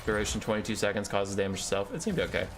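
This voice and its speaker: A man's voice: lowish voice, animated, very fast, background noise. A young man giving live commentary on his own strategy game match, issuing orders to his units with sarcastic, joking asides.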